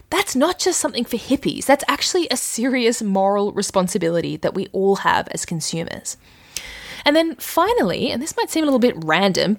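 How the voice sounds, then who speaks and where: A woman hosts a casual teaching episode with a bouncy, expressive voice that rises and falls freely. She is chatty and quick to laugh between points. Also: mid-range voice. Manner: lively, chatty, laughs often. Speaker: religious teacher, host. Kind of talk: casual explainer lesson.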